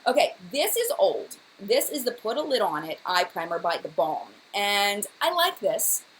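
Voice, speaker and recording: Fast-talking woman on a home livestream. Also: fairly high pitch, fairly bright tone, slight background noise, poor audio. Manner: fast, chatty, reads viewer comments aloud. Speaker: beauty channel host. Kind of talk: live-stream chat about makeup. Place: home room by her dresser.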